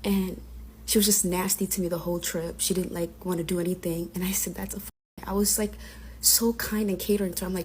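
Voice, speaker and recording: A woman's voice: lowish voice, flat delivery, a little fast, a little hiss or hum. A young woman casually recounting a personal story, candid and frustrated, acting out the lines of family members as she goes.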